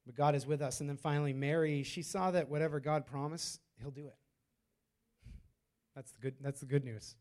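A man's voice: a little high, steady tone, brisk, a little mellow. A man preaching a sermon in a loose, conversational way, with many fillers and restarts. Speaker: pastor.

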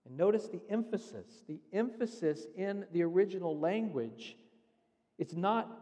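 In a reverberant church sanctuary, a pastor delivers a sermon, earnestly explaining scripture one step at a time. His high-pitched voice is mellow and expressive, at a moderate pace.

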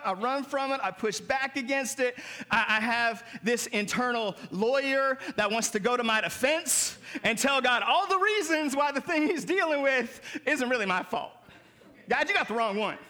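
A man's voice: very high-pitched, bright, forceful tone. A male pastor preaching a sermon, calling on the congregation to respond and rising to emphatic peaks.

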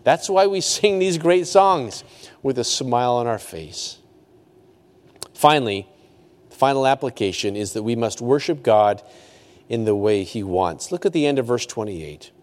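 A man preaching a sermon as a pastor, swinging from high emphatic peaks to hushed low lines. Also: animated, measured pace, in a large hall.

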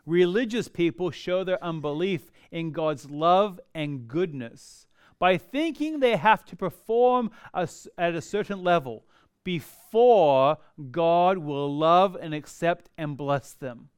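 A pastor delivering a sermon, building to emphatic outbursts and slowing on key phrases. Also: male voice, fairly high pitch, animated, clear, resonant tone, dry recording, clean studio sound. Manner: preaching with rising emphatic outbursts and slow drawn-out key phrases.

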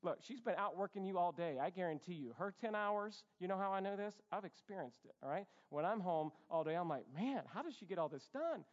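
A man preaching a sermon as a pastor, animated and conversational. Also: high-pitched, fairly quick, hardly any pauses. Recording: echoey hall, dull sound.

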